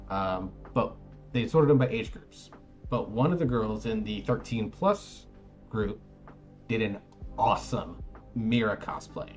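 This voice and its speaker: A man with a low voice tells a long, meandering story in casual chat, full of fillers and little restarts. He acts out what others said as he goes, with faint music playing underneath. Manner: rambling, animated anecdote with many fillers. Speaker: streamer.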